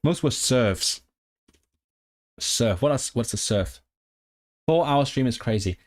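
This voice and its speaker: Speaking slowly but with animation, this medium-pitched man runs a casual study stream for language learners. He muses out loud, pronouncing fresh vocabulary and saying it again.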